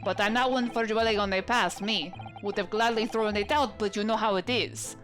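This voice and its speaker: A woman voicing a boastful, gruff old retired army man in a put-on English accent, over game music. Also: medium pitch, fairly even intonation, moderate pace, close to an everyday voice. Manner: blustery, old-fashioned phrasing.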